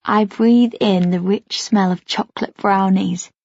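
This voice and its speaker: A woman with a husky, breathy voice narrates a first-person novel as an audiobook, gentle and even. The recording is dry and close, with a slightly dull, muffled tone. It sounds like a plain studio read. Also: medium pitch, unhurried, no echo.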